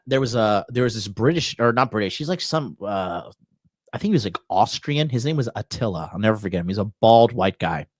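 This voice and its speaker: A man's voice: fairly low pitch, no room sound, studio quality. A man hosting a dating talk show, telling a crude story in a brash, swaggering way, full of swearing. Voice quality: profane, brash, swaggering delivery. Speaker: dating coach and podcast host. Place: Tokyo.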